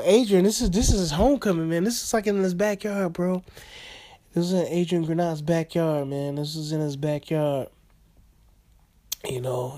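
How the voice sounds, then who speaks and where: A man's voice: on the high side, a little mellow. A man casually recapping a boxing fight in rambling, slangy talk full of fillers and chuckles.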